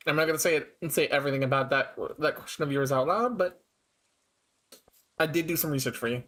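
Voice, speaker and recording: A man with a high-ish voice streams a farming game with a friend, speaking quickly. He's relaxed, laughing often and trailing off into restarts in casual co-op chat.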